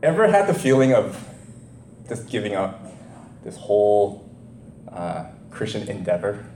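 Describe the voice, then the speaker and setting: A man preaching an informal sermon as a pastor, talking haltingly with many fillers and restarts and laughing at himself. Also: fairly low pitch, big pitch swings, a little mellow, a little hiss or hum. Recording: echoey room sound.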